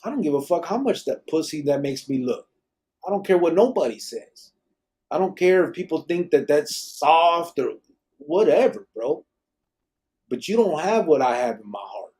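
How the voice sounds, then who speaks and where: A man's voice: on the high side, expressive, normal speed, darkish tone. A man with a blunt, emphatic manner, hosting a live podcast and swearing freely. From Arizona, USA. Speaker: podcast host, former gang member. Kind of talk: live podcast talk, reading viewer comments.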